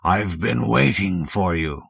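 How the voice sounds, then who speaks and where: A man voicing a sulky alien creature with a thick, slow, rumbling drawl. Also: vocal fry, fairly bright tone, slightly rough, no echo, full character voice. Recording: dull, dry audiobook recording.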